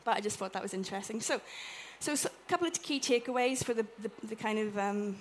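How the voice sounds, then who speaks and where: A woman with an Irish accent giving a chatty, animated talk to a live audience, acting out little quotes as she goes. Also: medium pitch, quick pace, a little hiss or hum. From Ireland. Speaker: conference speaker. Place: event room with an audience.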